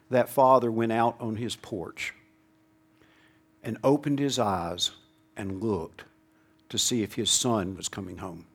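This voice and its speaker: A man preaching a sermon, calling out to the congregation and swinging from loud declarations to hushed, slow lines. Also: mid-range voice, creaky. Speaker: pastor.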